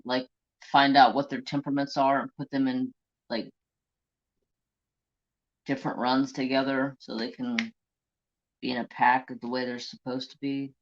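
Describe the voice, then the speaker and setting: A man hosts a live craft stream in a bright, forward voice, chatting bluntly and swearing freely. The talk is loose and chatty. The audio is dull and lo-fi. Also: medium pitch. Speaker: craft livestream host. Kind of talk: casual live-stream chat.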